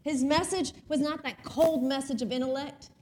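A woman preaching a sermon, reading scripture aloud and slowing down to stress key words. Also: high-pitched, a little hiss or hum. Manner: expressive preaching, slows down for emphasis, reads scripture aloud.

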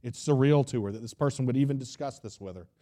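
A man's voice: mid-range voice, fast, dark tone. A man preaching a sermon, retelling a Bible story in a folksy, conversational way.

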